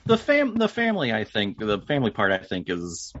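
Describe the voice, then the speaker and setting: A man co-hosting a casual film podcast, talking in a lively way. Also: fairly low pitch, fairly quick. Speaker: podcast co-host. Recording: dry, dull lo-fi audio.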